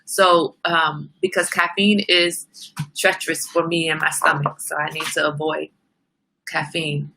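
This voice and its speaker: A woman's voice: deep voice, little pitch movement, unhurried, vocal fry, bright, forceful tone, slight background noise. A woman hosting a casual livestream, chatting straight to her viewers. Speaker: livestream host.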